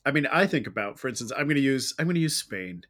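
A man's voice: mid-range voice, very animated, quick pace, fairly bright tone. A man co-hosting a casual talk show, speaking reflectively in a rambling way, with restarts and asides. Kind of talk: casual conversational chat.

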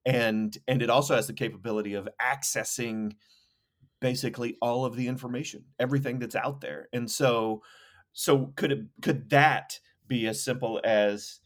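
Man, podcast co-host, casual chat, enthusiastic, thinks out loud. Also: medium pitch, steady tone, moderate pace. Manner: enthusiastic, thinking aloud with fillers. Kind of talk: casual conversation.

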